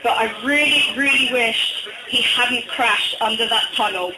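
High-voiced comic with slight northern accent. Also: male voice, unhurried, very noisy. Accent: slight northern English. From Durham, England. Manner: hesitant, many ums, deadpan one-liners. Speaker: stand-up comic. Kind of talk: stand-up comedy set. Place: small bar venue, indoors. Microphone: phone recording from the audience. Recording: echoey bar, phone-recorded.

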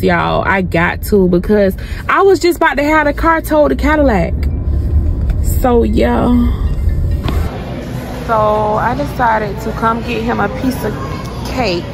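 A woman's voice: mid-range voice, noisy background. A woman talking casually to her followers from inside her car, chatty and emotional, often calling out to her viewers. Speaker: vlogger. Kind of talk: casual vlog chat.

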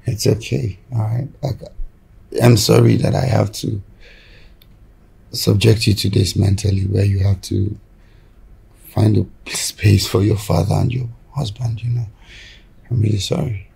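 A man playing a humble, apologetic husband in a Nigerian film drama, calm and with a Nigerian accent. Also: lowish voice, measured pace, vocal fry, pauses often, husky, full character voice.

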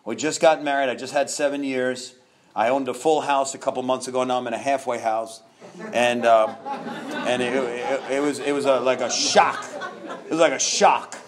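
A man from Miami telling his recovery story at a conference, animated and self-mocking, with many restarts. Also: medium pitch, normal speed, a faint crowd. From Miami, Florida. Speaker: recovery speaker. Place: conference hall.

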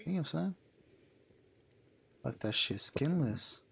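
Gravelly young man gaming, joking around. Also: on the high side, slow, a little hiss or hum. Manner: joking, swearing, excitable. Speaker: gamer. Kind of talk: casual let's play banter.

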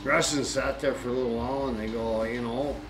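A man's voice: medium pitch, steady tone, a little fast, rough recording. A man telling a folksy joke in rambling, colloquial speech with restarts, with banjo music playing behind him. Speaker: storyteller.

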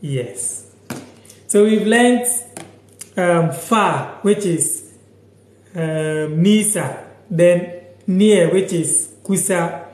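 A man with a Ghanaian accent teaches a language on a live stream, in a high voice and at an unhurried pace. He repeats each word slowly and answers viewers' comments as they come in. The sound is echoey, as if the room is bare. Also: a little mellow.

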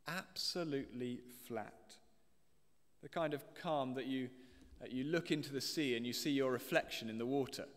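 British man preaching in a reverberant church. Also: medium pitch. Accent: British English. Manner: explains and reads scripture aloud to the congregation. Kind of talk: sermon.

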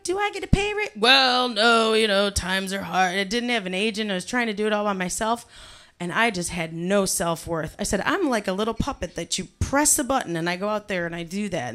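A woman from Cleveland telling her life story to a live audience, profane and animated, swinging from quiet, low asides to shouted punchlines. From Cleveland, USA.

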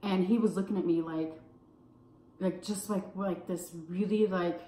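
A woman from California telling a casual story while eating, full of "like" fillers and pauses to savor her food. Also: on the low side, steady tone, warm tone, a little hiss or hum. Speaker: food vlogger. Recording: roomy echo.

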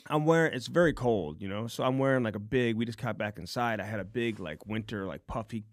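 A man co-hosting a podcast, telling a rambling story in casual chat, saying "dude" a lot and getting animated as he goes. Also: fairly low pitch, brisk, no room sound, clean studio sound. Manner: rambling, says "dude" often, gets animated retelling. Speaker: podcast co-host.

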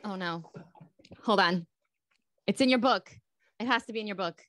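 A woman hosting a casual quiz chat, excitable and quick to exclaim. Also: mid-range voice, no room sound, clean studio sound. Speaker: show host.

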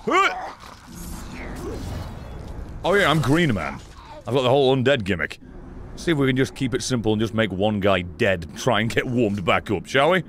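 Excitable man streaming a game. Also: on the low side, brisk, slight background noise. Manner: sarcastic, excitable, swears. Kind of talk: live gameplay commentary.

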